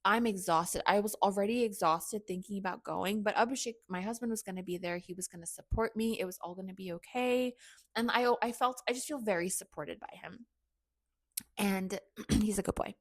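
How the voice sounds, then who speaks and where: A woman's voice: mid-range voice, brisk, dry recording, clean studio sound. A young woman hosting a podcast, telling a personal story in a candid, chatty way, full of "like" and self-mocking asides. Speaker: podcast host.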